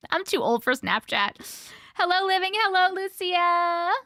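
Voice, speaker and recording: High, lively-voiced woman streamer. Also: a little slow, no room sound, studio quality. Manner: chatty, laughs often, greets viewers by name. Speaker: livestream host. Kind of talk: casual livestream chat with viewers.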